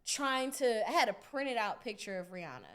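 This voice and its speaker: A young woman hosting a podcast, telling a story in a casual, animated, profane way, often laughing. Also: a little high, moderate pace. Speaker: podcast host.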